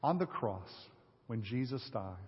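A male pastor preaching a sermon, asking the congregation rhetorical questions and swinging between loud emphasis and a hushed voice. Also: mid-range voice, animated, unhurried, husky. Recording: lo-fi sermon audio with long hall reverb.

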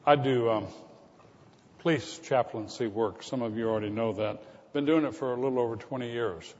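Male pastor, mid-pitched sermon voice, long church reverb, muffled recording. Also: moderate pace, darkish tone. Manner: storytelling preacher, rising to emphatic repetition. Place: church sanctuary.

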